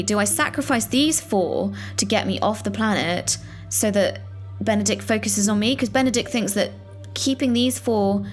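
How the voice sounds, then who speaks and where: A woman hosting a let's play, commenting on a game in a flustered, exclamatory way with many fillers. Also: mid-range voice.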